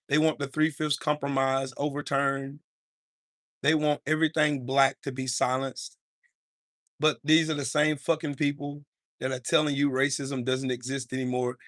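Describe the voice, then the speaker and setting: A man's voice: medium pitch, pushed and bright, dry recording, studio quality. A man hosting a live-streamed podcast, ranting in an angry, profane and confrontational way. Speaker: podcast host.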